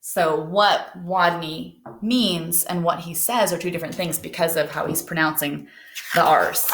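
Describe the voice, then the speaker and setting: Woman teacher reading a kids book out loud, asks the kids questions, echoey room. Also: fairly low pitch, steady tone, unhurried. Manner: gentle, asks children questions. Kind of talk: reading a picture book aloud to children. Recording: roomy echo.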